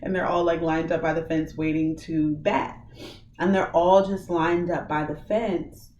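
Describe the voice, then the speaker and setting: A woman of average pitch shares a dream and then preaches to her viewers in a loose, conversational way. She acts out what she said in the dream with lively bursts. The sound is roomy and a little distant from the mic, with a faint hiss behind her. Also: a little slow, dull audio. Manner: animated storytelling, acts out her own dream dialogue. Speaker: ministry vlogger. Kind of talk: casual testimony and preaching.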